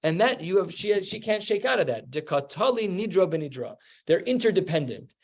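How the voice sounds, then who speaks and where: A rabbi giving a Talmud class, explaining each step and acting out the quoted lines. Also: male voice, sits high, sing-song, fairly quick. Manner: explains step by step, mixing Aramaic terms into plain speech.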